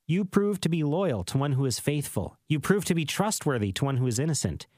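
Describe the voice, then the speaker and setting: A man giving a steady scripted Bible reading, measured and dropping low on the closing words of phrases. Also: no room sound. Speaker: scripture reader.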